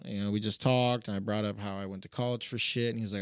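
A man's voice: fairly low pitch, steady tone, fast talker, hardly any pauses, clear, resonant tone, dry recording, studio quality. A man hosting a podcast in casual chat, talking loosely with lots of swearing and "you know what I mean" fillers. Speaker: podcast host.

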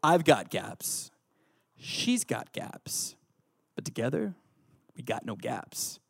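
Man doing a slow, mumbling boxer. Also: mid-range voice, sing-song, vocal fry, breathy edge, no room sound, clean studio sound, pitched below the performer's own voice, exaggerated voice. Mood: tender. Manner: drawn-out slow delivery. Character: slow mumbling male boxer, low and gentle.

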